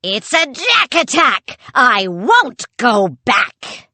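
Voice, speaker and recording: A woman voicing a boastful male pirate puppet with loud, swaggering cries in a storybook reading. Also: a little high, very animated, drawn-out words, no echo, pitched above the performer's own voice, heavily acted. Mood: gleeful menace.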